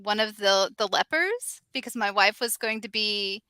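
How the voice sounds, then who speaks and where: A woman's voice: medium pitch, expressive, normal speed, bright, forceful tone, smooth, no room sound. A woman from the American South chatting casually on a live show, telling stories with lots of fillers. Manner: chatty storyteller, many fillers. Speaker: co-host. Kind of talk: casual chat.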